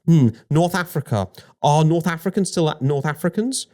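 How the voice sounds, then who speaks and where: A man talking on a podcast, his voice sitting a little higher than most men's. He argues with energy and keeps firing rhetorical questions at his listener. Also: normal speed. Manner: animated, argumentative, rhetorical questions. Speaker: podcast co-host. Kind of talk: conversational podcast discussion.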